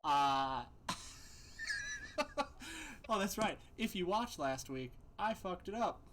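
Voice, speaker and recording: A man running a tabletop session as game master, speaking slowly and without hurry. He laughs easily and is quick to own his slips. A light hiss sits under the recording. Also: sits high, expressive, fairly bright tone. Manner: unhurried, laughs often, self-deprecating.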